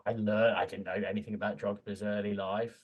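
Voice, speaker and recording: A man's voice: on the low side, little pitch movement, brisk, husky. A man co-hosting a casual comic podcast about books, ranting and swearing in mock outrage. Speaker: podcast co-host. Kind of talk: casual comic book-review chat.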